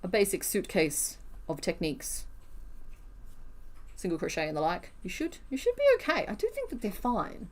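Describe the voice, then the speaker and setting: A woman's voice: lowish voice, wildly swooping pitch, moderate pace, pauses often, a little mellow. A woman, chatting casually on a live stream while she crochets, answering viewers and teasing herself. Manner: chatty, self-deprecating, answers chat questions.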